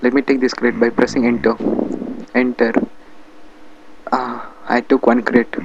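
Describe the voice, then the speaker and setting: A man's voice: medium pitch, little pitch movement, measured pace, creaky, pauses often, dull audio, background noise. A man with an Indian English accent doing a comic dub of a video game, bickering and muttering to himself as he goes.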